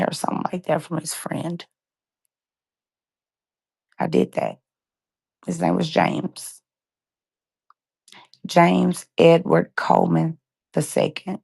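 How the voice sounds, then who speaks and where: A woman's voice: lowish voice, animated, slow pace, gravelly, long pauses, slightly rough, no echo. A woman around forty, hosting a live stream, telling a painful personal story in a candid, casual way and speaking straight to her listeners. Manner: casual, emotional, speaks straight to listeners with "y'all" and "you guys".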